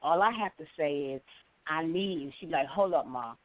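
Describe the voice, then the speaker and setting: Animated woman calling in by phone. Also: low voice, normal speed. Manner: animated storyteller, acts out quoted voices. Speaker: caller. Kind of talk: call-in storytelling. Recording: phone line.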